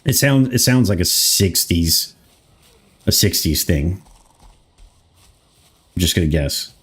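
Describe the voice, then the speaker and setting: Low-voiced American streamer rambling to chat. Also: male voice, animated, slow, fairly bright tone, slightly rough. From United States. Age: 30s. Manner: rambling, talks back to chat, swears casually. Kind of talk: casual gameplay commentary reading chat.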